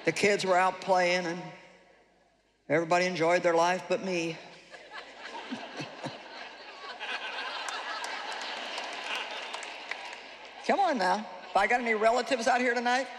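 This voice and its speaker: A woman preaches to a crowd in a large hall, lively and humorous as she reads scripture aloud. Her voice rings with a long reverb, with faint ambience behind it. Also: mid-range voice, slow, long pauses, background noise. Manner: lively, humorous, acts out the people she describes. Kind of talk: sermon. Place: large hall with a live audience.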